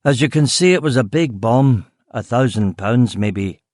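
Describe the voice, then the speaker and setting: A man's voice: medium pitch, animated, a little slow, a little mellow, no room sound, clean studio sound, close to an everyday voice. A man voicing a grizzled, blunt detective chief of about fifty, with a faint Scottish accent. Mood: gruff, weary. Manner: blunt, gruff, swearing.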